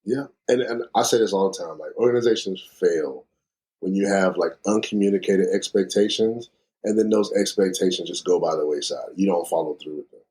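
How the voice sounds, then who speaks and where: A man's voice: sits low, a little fast, a little mellow. A man hosting a podcast, talking reflectively and thinking aloud in casual conversation. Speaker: podcast host.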